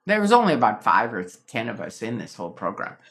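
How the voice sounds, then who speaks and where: A woman from Chicago, an interview guest telling her personal story with lively, dramatic storytelling. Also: rumbling low, fast. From Chicago, USA. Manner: animated storytelling, acts out quoted voices. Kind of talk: personal testimony in a podcast interview.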